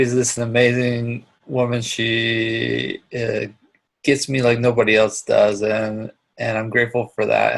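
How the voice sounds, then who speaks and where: A middle-aged man teaching a live online class, speaking earnestly with many pauses and restarts. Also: medium pitch, creaky. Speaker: instructor.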